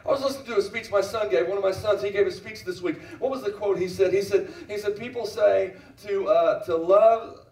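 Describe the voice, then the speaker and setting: This middle-aged pastor has a high, steady voice with a darkish tone, talking fast with hardly any pauses. Preaching in a church sanctuary, he emphatically repeats phrases and asks the congregation questions, recorded from a distance in roomy audio.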